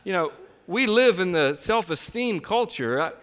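A man's voice: high-pitched, normal speed. Conversational man preaching in an echoing hall. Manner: conversational, animated, acts out quoted voices. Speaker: pastor. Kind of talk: sermon. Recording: long reverb of a large hall.

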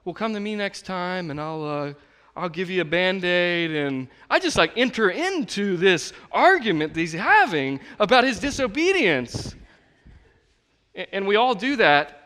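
A man in his thirties preaching a sermon in a conversational, animated way, acting out the voices of the people he quotes. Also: high voice, unhurried, smooth. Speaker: pastor. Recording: long reverb of a large hall.

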